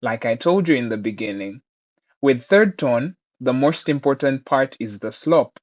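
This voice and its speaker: A man teaching Mandarin pronunciation, saying each word twice and explaining it clearly. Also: mid-range voice, animated, unhurried, highs cut off. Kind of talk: pronunciation lesson.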